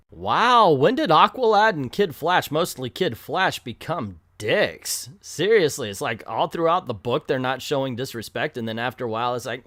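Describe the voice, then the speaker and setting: Male reader, animated and wry, sarcastic asides, dry close mic. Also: medium pitch, moderate pace, hardly any pauses, no echo. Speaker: comic reader and reviewer. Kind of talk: reading a comic aloud with comic commentary.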